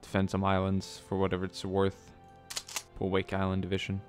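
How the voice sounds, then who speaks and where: A man's voice: low voice, monotone, fairly quick, soft background music. A man giving casual gameplay commentary, chatty, with many ums and joking asides. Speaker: let's play gamer.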